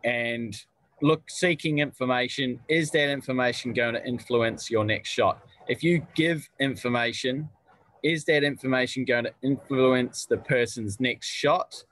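A man's voice: medium pitch, a little slow, a bit bright, no room sound. A man co-hosting a podcast, explaining things patiently in a casual chat. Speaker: podcast co-host.

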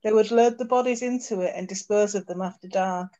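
Give me a woman reading her own fiction aloud over a video call, steady and slightly dull-sounding. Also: mid-range voice, a little fast. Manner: steady narration with occasional slips. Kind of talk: storybook reading. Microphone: computer mic on a video call.

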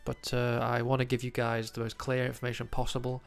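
A man's voice: mid-range voice, monotone, brisk, gravelly, faint music behind. A man with a cold and a nasal voice, hosting a casual card-collecting news video and talking in a chatty way with many fillers. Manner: chatty, lots of ums and uhs. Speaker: trading card news host. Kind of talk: casual commentary to camera.

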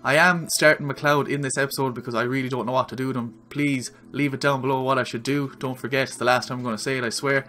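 An Irish man giving his own excitable commentary while playing a football video game, yelling at the screen during big moments. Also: medium pitch, quick pace, hardly any pauses, faint music behind. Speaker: gaming video creator.

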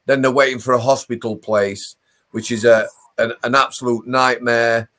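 A man's voice: medium pitch, level tone, moderate pace, fairly bright tone. A man hosts a casual interview and speaks bluntly with firm emphasis. He talks like a former prison officer chatting with a guest. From England.

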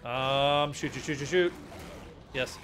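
A man's voice: medium pitch, takes it slowly, fairly bright tone, slight background noise. A young man giving casual commentary while playing a horror game, joking, swearing often and yelping at jump scares. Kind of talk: casual let's-play commentary.

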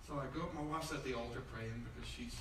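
A middle-aged pastor preaches a conversational sermon in a church sanctuary, telling humorous stories and acting out the voices he quotes. His voice is mid-range and fast. The recording is echoey and far off, with a noisy background.

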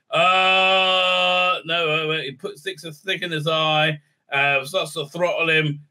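Male reviewer, sarcastic and mocking, with a very bright, tense tone and a slightly high voice. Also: fairly even intonation, slow pace. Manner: sarcastic, mocking, slips into silly put-on voices. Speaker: show host reviewing a TV episode. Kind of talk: casual recap and review.

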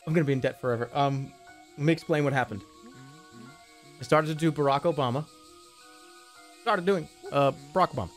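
A man streaming live, talking in an animated, jokey way and slipping in and out of silly voices. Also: a little high, a little fast, long pauses, faint music behind.

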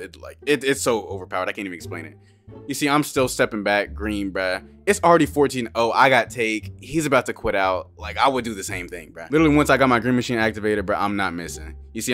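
Fast-talking young man, slangy gameplay commentary. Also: mid-range voice, a bit bright. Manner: casual slangy, peppers lines with "bruh". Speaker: gaming YouTuber.

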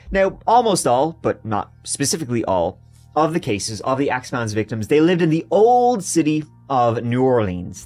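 A young man with a mid-range voice narrates a true-crime story on a podcast, his very lively voice rising and falling as he goes. He keeps things casual and jokey, riffing on his own telling.

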